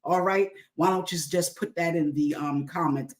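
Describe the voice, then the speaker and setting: A woman's voice: on the low side, fairly even intonation, moderate pace, few pauses. A woman pastor hosting a livestream talk show, exhorting viewers, leading them in affirmations and greeting them by name.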